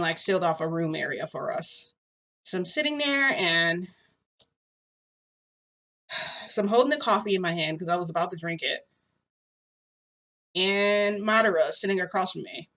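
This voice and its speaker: Lower-pitched woman rambling a story. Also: normal speed, pauses often, a bit bright. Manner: rambling, full of "like" and "you know". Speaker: vlogger. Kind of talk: casual storytelling to camera.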